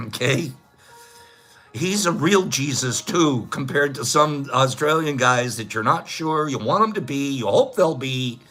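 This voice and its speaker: A man's voice: mid-range voice, expressive, measured pace, bright, forceful tone, soft background music. A man hosting a casual livestream trivia contest, chatting with viewers, joking and laughing at his own jokes.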